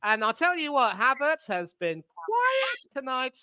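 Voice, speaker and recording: A man's voice: extremely high pitch, wildly swooping pitch, unhurried, pushed and bright, no echo. A man co-hosting a watch-along, calling the match like a commentator between chat. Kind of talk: mock football commentary and chat.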